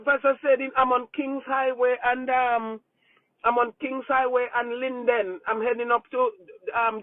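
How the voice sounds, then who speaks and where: A woman pastor, crying as she talks, gives a halting, emotional update to her congregation from a moving car, repeating herself and asking for prayer. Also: on the high side, no room sound. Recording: tinny phone-like, dry sound.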